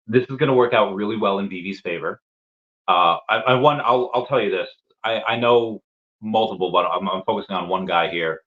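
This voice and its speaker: A man's voice: sits low, a bit bright, lo-fi sound. A man hosting a casual crypto livestream, reading chat comments and rambling with lots of fillers and repeated words.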